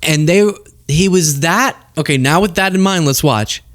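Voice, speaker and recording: A man's voice: fairly high pitch, moderate pace, fairly bright tone, no echo. A man hosting a political commentary show, talking casually and sarcastically with frequent laughter.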